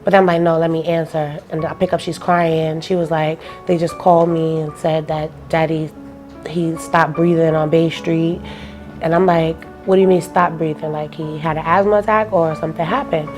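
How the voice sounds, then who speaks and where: A woman's voice: low voice, little pitch movement, normal speed, a little mellow, soft background music. A young woman speaking as an interview guest, telling a personal story in a loose, casual way and acting out the phone calls she describes.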